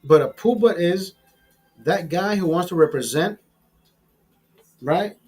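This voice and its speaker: A man hosting a live stream, ranting in a casual, profane and animated way. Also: sits high, takes it slowly, husky, faint music behind. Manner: profane, animated, laughs at his own bits. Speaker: show host.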